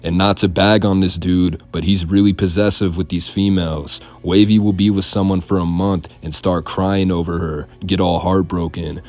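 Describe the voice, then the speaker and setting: Deep-voiced man doing sarcastic commentary. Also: normal speed, hardly any pauses. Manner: mocking, deadpan. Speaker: commentary channel host.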